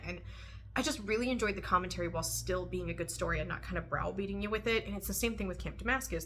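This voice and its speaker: A young adult woman talking casually to camera in a book review vlog, chatty and animated, laughing often and filling pauses with "um" and "like". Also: mid-range voice.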